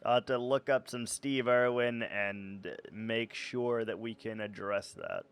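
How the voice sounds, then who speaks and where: A man's voice: medium pitch, steady tone, unhurried, clean tone. A man streaming a game live, chatting casually in a rambling, self-deprecating way.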